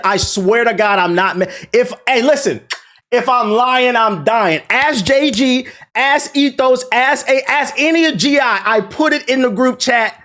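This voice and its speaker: A man who makes gaming content, ranting to his chat in an animated, profane and indignant way. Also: very high voice, measured pace.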